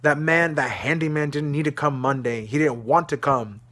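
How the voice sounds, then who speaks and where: A man's voice: normal speed, fairly bright tone. Agitated young man venting in his room. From Dallas, Texas. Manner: agitated, profane venting that trails into a low murmur. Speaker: vlogger. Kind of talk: emotional video diary rant.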